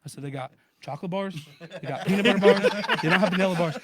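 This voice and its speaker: A man in a casual podcast chat with friends, telling a story in an animated way and acting out both sides of phone calls. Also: sits high, racing, a crowd in the background. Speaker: podcast co-host.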